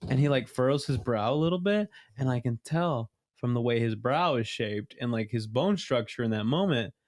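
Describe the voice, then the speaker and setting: A man's voice: mid-range voice, expressive, moderate pace. A young man hosting a podcast in a casual chat, telling a story with lots of animation and frequent laughter. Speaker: podcast host.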